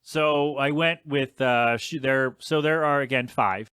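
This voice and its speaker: A man's voice: mid-range voice, fairly even intonation, a little slow, a bit bright, clear, resonant tone, no echo, clean studio sound. A young adult man hosting a casual solo podcast, rambling and complaining in an exasperated way with some swearing. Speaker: podcast host.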